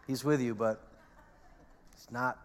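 A man preaching a sermon to a congregation, earnest, with emphatic peaks and quiet asides. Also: mid-range voice, fairly even intonation, slow pace. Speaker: pastor. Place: church sanctuary. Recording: long reverb of a large hall.

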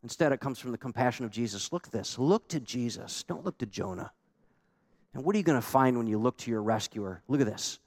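A man's voice: medium pitch, lively intonation, a little fast, darkish tone. A man preaching a sermon as pastor, emphatic and conversational, with many rhetorical questions to the congregation.

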